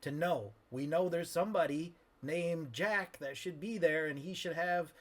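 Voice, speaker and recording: A man's voice: a little high, a little slow. A man playing a cranky, rambling old man with a put-on old-timey Southern accent through an old-man voice filter, bantering crudely on a comedy podcast. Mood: grumbling. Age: older. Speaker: podcast co-host.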